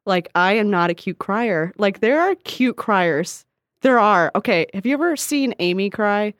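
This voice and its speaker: Animated woman co-hosting an advice chat. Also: mid-range voice, unhurried, no echo, clean studio sound. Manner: animated, laughs often, acts out quotes. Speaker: podcast co-host.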